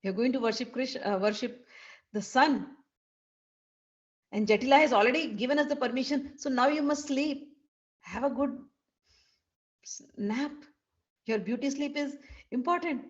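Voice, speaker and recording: A woman voicing a caring young female companion who gently coaxes a friend to rest. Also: high-pitched, normal speed, pauses often, muffled recording, voice pushed up, natural voice. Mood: coaxing.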